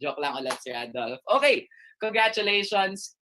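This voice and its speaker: A man's voice: sits high, very animated, normal speed, sharp tone, slight background noise. A man with a Filipino accent giving an interactive motivational talk to a student assembly, playfully quizzing his listeners over a video call. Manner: playful, quizzing the audience, mixing English and Tagalog. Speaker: speaker at a student government assembly.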